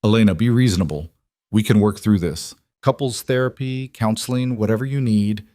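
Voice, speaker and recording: A man's voice: fairly low pitch, fairly quick, dark tone, natural voice. A man voicing a defensive, cheating husband who talks in a flustered, pleading way.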